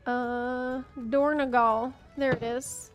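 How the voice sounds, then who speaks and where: During a game stream, a woman with a high voice chats casually with her teammates at a slow, relaxed pace. She's playful and giggles often, with faint music playing behind her.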